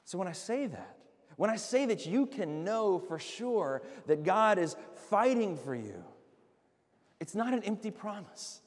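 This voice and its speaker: A male pastor preaching an earnest sermon, swinging between loud emphatic lines and hushed, slow drops. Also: high-pitched, very animated, in a large hall.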